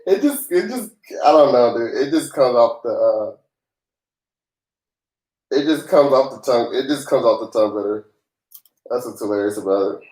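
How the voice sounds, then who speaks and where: A man's voice: mid-range voice, expressive, normal speed, pauses often, darkish tone. A man who grew up in the South, hosting a casual live-stream Q&A as a tax professional, chatty and joking with loose laughter. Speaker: tax professional livestream host. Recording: roomy echo.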